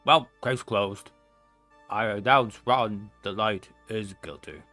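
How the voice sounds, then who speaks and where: A man voicing a fussy, gullible elderly judge who makes slow, pompous pronouncements. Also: lowish voice, sharp tone, dry recording, soft background music, exaggerated voice. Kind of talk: fan voice acting over a game.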